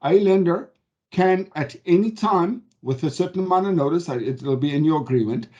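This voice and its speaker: A man's voice: on the high side, normal speed, darkish tone, muffled recording. A man working as a mortgage advisor, explaining loans in a conversational way and often checking in with "okay?". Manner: emphatic, stresses key words. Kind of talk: explanatory talk to camera.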